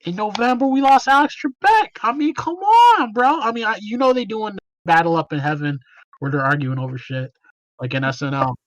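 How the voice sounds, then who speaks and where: A man's voice: high-pitched, expressive, brisk, fairly bright tone, no room sound, low-quality recording. A man hosting a podcast in casual, slangy chat, swearing freely. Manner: laid-back, slangy, swears a lot. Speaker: podcast host.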